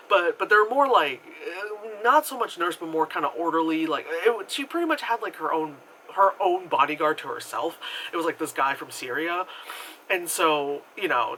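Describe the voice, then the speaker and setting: A movie reviewer chats through a plot recap in a loose, rambling way, leaning on "like" and cursing without a second thought. The voice is bright and lively, leaping up and down in pitch. A faint hiss sits under the talk. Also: low-quality recording. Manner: rambling, filler-heavy retelling with frequent "like"; swears freely and acts out quoted characters. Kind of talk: casual movie review chat.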